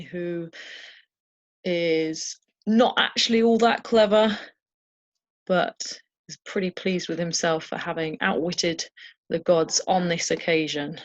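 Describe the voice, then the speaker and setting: A woman's voice: fairly low pitch, no room sound. Woman teacher doing a home learning lesson for kids, encouraging, keeps saying okay, dry sound. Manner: clear, encouraging, checks in with "okay?". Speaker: primary school teacher.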